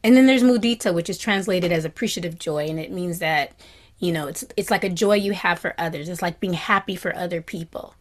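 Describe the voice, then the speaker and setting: Woman meditation teacher, gentle and reflective, often hushed to a whisper, lively on happy asides. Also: fairly low pitch, a little fast. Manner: animated when voicing happy quotes. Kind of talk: dharma talk to a class.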